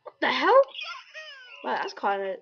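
A woman's voice: high voice, sing-song, unhurried, background noise. A woman giving casual, jokey, rambling let's-play commentary on a video game. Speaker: gameplay commentator. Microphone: webcam or computer mic. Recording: dull lo-fi recording with loud game music.

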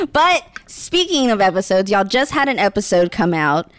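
A woman co-hosting a podcast, chatting in a bubbly, excitable way with frequent giggles. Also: medium pitch, measured pace. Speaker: podcast co-host. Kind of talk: casual podcast chat.

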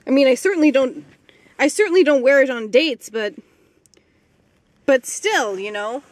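A high-pitched young woman vents to her camera from a parked car. She is exasperated and indignant, with swearing running all through her rant. Her casual, unscripted talk heads straight into the lens. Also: moderate pace. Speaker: vlogger. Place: inside a car. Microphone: handheld camera.

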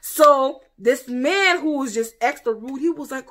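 Young american woman doing a storytime vlog, kinda high voice, super animated, acts out everybody's lines. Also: unhurried, few pauses. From United States. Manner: animated, quotes people in exaggerated voices. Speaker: vlogger. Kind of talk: casual storytime.

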